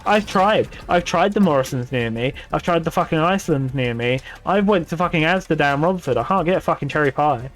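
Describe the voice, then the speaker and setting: A fairly high-voiced man chatting on his gaming stream, cursing constantly as he works himself into an exasperated rant. Faint game music plays underneath his voice. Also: expressive, fairly quick, few pauses. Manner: swears freely, ranting and exasperated. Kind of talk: casual gaming stream chat.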